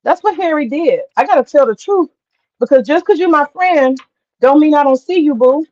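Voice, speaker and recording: Woman telling a story on a stream, kinda high voice, drawls n gets animated, swears a bit, muffled lo-fi sound. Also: moderate pace. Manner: animated, drawling, swears casually, mutters to herself while cooking. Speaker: host. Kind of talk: casual livestream storytelling.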